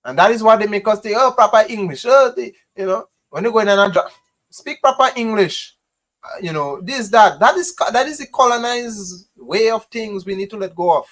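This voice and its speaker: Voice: mid-range voice, normal speed, fairly bright tone. Impassioned Grenadian live-streamer. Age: adult parent. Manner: impassioned, repetitive, heavy use of "you know". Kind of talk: casual live-stream talk to viewers.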